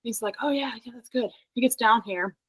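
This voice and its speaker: A young woman from Pennsylvania with a bright, ringing voice, telling a story in lively casual chat. She laughs often and strings her thoughts together with "like". The sound is dry and close. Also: on the high side, fairly quick, breathy edge, no room sound, low-quality recording. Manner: animated, laughs often, heavy use of "like". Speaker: podcast guest, hunter.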